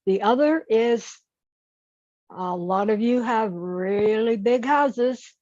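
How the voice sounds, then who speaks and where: A woman's voice: fairly high pitch, takes it slowly, a little mellow, no room sound. A blunt, outspoken woman on an online call, giving frank opinions. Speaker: panelist. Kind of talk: casual online chat. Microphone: video call. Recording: dull lo-fi call audio.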